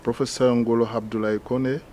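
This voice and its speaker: A man from Ivory Coast who speaks English with a French accent, answering interview questions as a university lecturer and pausing to search for words. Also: mid-range voice, flat delivery, mellow, slight background noise.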